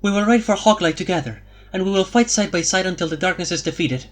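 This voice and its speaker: A man's voice: high-pitched, fast, pitched above the performer's own voice, lightly acted. A man voicing a regal, idealistic young queen in an audiobook, firm and earnest. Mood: resolute. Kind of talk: audiobook character voice.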